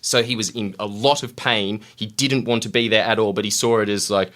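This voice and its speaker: A man's voice: lowish voice, steady tone, brisk, fairly bright tone. A man hosting a casual podcast, telling history with jokey, mock-solemn asides. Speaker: podcast host. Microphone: studio mic.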